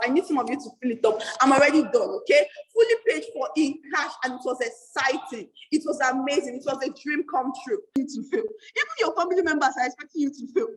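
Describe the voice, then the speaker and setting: A young woman with a Nigerian accent speaks quickly in a high, bright register. She gives an emphatic motivational talk to an audience and repeats key lines for effect. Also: lively intonation, rough recording. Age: young adult.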